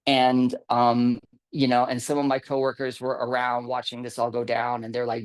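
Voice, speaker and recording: A man's voice: medium pitch, fairly even intonation, fairly quick. A man telling a casual story in a rambling way, full of fillers and restarts, acting out what others said. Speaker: camp volunteer telling a story. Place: online video call.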